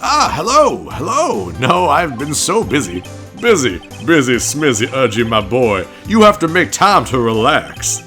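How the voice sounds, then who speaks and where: A man voicing a jolly, overfamiliar middle-aged police chief in a put-on Southern accent, folksy and loud with nicknames for everyone. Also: wildly swooping pitch, unhurried, soft background music. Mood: jovial. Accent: American Southern (put on). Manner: folksy, booming, hands out nicknames.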